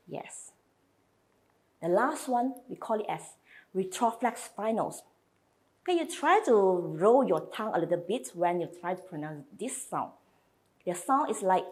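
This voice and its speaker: A woman's voice: medium pitch, very animated, measured pace. A woman teaching a slide lesson, patiently modelling each sound and repeating it for learners. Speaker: language teacher.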